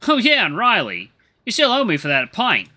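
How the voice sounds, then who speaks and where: A man's voice: sits high, huge pitch swings, moderate pace, sharp tone, voice pushed up, exaggerated voice. A man voicing a jaded bird-man. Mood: brusque.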